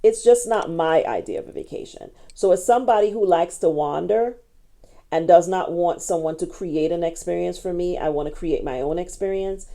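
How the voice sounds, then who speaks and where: A woman's voice: fairly low pitch, vocal fry, warm tone. A woman travel vlogger giving frank, opinionated, practical advice straight to camera.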